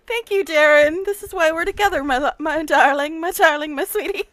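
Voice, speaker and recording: Giggly bright-voiced woman streamer. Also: high voice, fairly quick, no room sound. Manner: giggly and gushing, laughs often. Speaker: game streamer. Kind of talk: casual livestream chat while reading game dialogue aloud.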